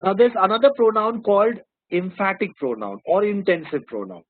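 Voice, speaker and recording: Indian-accented man teaching grammar, high husky voice. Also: lively intonation, moderate pace, no room sound. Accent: Indian English. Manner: explains patiently, repeating key terms and checking in with students. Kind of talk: classroom-style lesson. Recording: dry, phone-like narrow sound.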